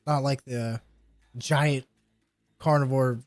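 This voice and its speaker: A man's voice: medium pitch, steady tone, takes it slowly, no echo, soft background music. A man running a tabletop game, patiently explaining rules and narrating scenes with loose fillers. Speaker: game master.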